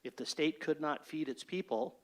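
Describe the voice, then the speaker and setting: A man who heads a state fair gives a brisk, orderly formal presentation to an advisory board. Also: a little high. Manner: brisk, orderly, speech-like delivery. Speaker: state fair chief executive. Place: state board meeting room.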